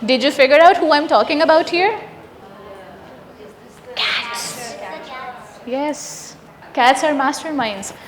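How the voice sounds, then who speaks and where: Speaking at a normal speed in an animated, high-sitting voice, a woman conducts an interactive training session for teachers. She questions the room and confirms what they say, captured in an echoey space with long reverb.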